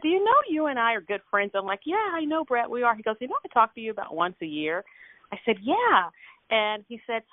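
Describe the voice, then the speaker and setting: On a coaching call heard over a tinny phone line, a woman retells a conversation as a casual story, laughing a lot and quoting dialogue. Her voice is a little high and sing-song, a little fast, with no room sound.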